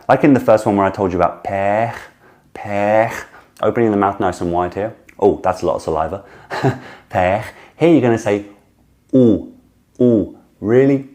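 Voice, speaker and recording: A man teaching French pronunciation in a casual video lesson, saying sounds slowly, repeating them and cheering the learner on. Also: lowish voice, mellow.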